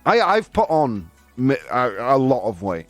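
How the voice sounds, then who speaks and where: A man hosting a radio show, chatting loosely and poking fun at himself. His pitch swings lively and the studio sound is dry and close. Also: a little slow, dry recording, soft background music. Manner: jokey, self-mocking, laughs often. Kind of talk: casual radio chat.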